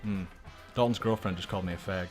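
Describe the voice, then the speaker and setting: A man's voice: low voice, steady tone, fast, faint music behind. A man streaming live gameplay, commenting casually in a joking, profane, self-mocking way. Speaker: game streamer.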